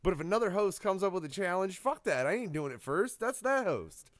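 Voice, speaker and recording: Lively, loud, cursing radio host man. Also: sits high, a little fast. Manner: loud, joking, swears a lot. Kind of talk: casual profane radio chat.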